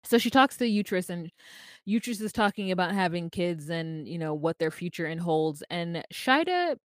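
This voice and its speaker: Wry podcast lady recapping tv, lowish voice, super dry sound. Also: dry recording. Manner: chatty, wry asides. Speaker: podcast co-host. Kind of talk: casual chat recapping a reality show.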